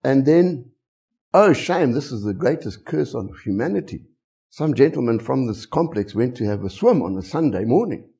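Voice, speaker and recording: A middle-aged man with a South African English accent, preaching a sermon with animated storytelling and many rhetorical questions. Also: mid-range voice, normal speed, breathy edge. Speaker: pastor.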